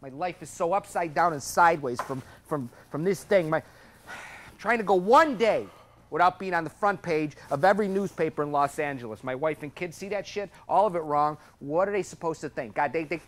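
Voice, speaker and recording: A man's voice: fairly high pitch, expressive, brisk, close to an everyday voice. An actor playing an angry, defensive male cop who talks bluntly and with a lot of swearing. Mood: bitter. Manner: blunt, profane, combative. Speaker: police officer.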